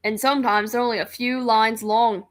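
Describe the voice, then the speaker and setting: A woman's voice: on the high side, steady tone, normal speed, a little hiss or hum, natural voice. A woman doing Monika in a shaky British accent. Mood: reassuring. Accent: attempted British that comes out Australian-sounding. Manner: reassuring, confident, a little teasing. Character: poised, encouraging young woman club president. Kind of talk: reading game dialogue aloud.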